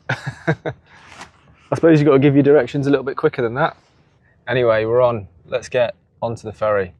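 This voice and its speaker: A man's voice: mid-range voice, steady tone, normal speed, long pauses, darkish tone, dull audio. A man chatting casually on a travel vlog, self-deprecating and laughing at himself, recorded in a car and outdoors. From England. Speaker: travel vlogger. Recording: noisy car and outdoor background. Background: car and traffic noise.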